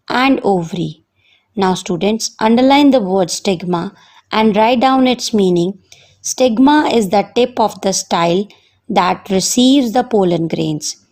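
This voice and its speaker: An Indian English-accented woman teaching a science class from home. She talks very slowly and carefully, in a voice of middle pitch, repeatedly calling on her students to underline words and write down meanings. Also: darkish tone. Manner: slow, dictating, addresses students repeatedly. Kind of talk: recorded online science lesson.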